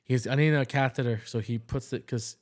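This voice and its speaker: A man's voice: mid-range voice, fairly even intonation, fairly quick. A man co-hosting a casual podcast, a newly trained nurse telling work stories in a rambling way with many restarts. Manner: rambling, full of restarts and quoted dialogue. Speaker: podcast co-host, new nurse. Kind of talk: casual chat.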